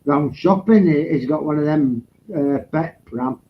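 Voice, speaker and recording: A man's voice: a little high, unhurried, dull audio, slight background noise. A man in a casual chat, mostly giving short replies and chuckling. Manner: brief backchannel replies, chuckles.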